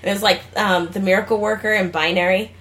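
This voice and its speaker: A woman's voice: medium pitch, fairly even intonation, fast talker, fairly bright tone. A young woman co-hosting a casual gaming and gadget podcast, bubbly and jokey, rambling with fillers. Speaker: podcast co-host.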